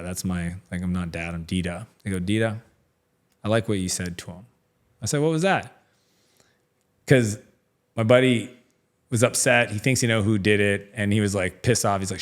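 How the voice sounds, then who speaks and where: A middle-aged man speaking as a guest in a casual interview, telling stories in a chatty way with lots of fillers and acted-out dialogue. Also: fairly low pitch. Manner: chatty storytelling, many fillers, acts out quoted dialogue.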